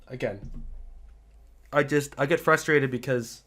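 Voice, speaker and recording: A programming instructor narrates a screen-recorded tutorial in an excitable, emphatic, ranting way. His medium-pitched voice moves at normal speed and sounds slightly sick.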